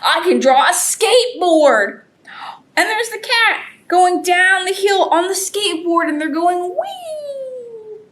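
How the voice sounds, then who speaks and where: Woman children's librarian, storytime reading, high voice, slow, very lively. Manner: animated, gasps, exaggerated for kids.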